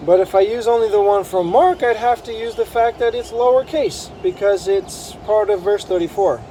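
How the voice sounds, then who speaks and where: A man's voice: sits high, moderate pace, dark tone, a little hiss or hum, low-quality recording. A man thinking aloud as he combines Bible verses, reading passages and correcting himself as he goes. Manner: musing, self-correcting, reads verses aloud. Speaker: bible harmony editor. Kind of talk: thinking aloud while editing scripture.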